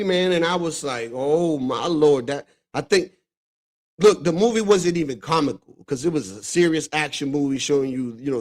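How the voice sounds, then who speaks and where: A man from the Dominican Republic hosting a stream, reacting to clips in loose, profane chat full of "bro" and frequent laughter. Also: on the high side. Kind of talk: casual reaction commentary.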